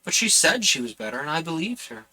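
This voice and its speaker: A man's voice: a little high, very animated, fast talker, bright, forceful tone, husky, poor audio. A man reading a classic novel aloud on a live stream, earnest in the reading and casual and self-deprecating in his asides. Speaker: audiobook reader and streamer.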